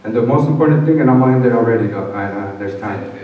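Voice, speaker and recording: A man's voice: medium pitch, very fast, narrow, tinny audio. Man giving testimony in an echoey hall. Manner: animated storyteller, acting out dialogue. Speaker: conference speaker. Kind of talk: personal testimony speech. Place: conference hall. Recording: echoey hall, mic far off.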